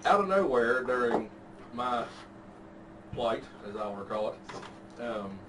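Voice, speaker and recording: A man with a drawl tells a story in a relaxed, foul-mouthed way. He sits well back from the microphone. A steady background noise runs under his voice. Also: mid-range voice, slow. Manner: laid-back, profane storytelling. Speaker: podcast host telling a story. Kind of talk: casual chat. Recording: distant mic with background noise.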